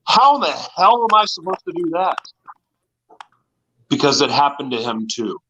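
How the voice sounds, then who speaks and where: Guy sharing his story, earnest and confessional, sharp bright voice. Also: on the high side, big pitch swings, moderate pace, lo-fi sound, a little hiss or hum. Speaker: guest. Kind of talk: personal testimony in an interview.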